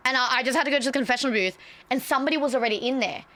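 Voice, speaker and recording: A woman streamer chatting casually to her viewers, excitable and swearing freely. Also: sits high, racing. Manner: excitable, swears a lot, talks straight to chat.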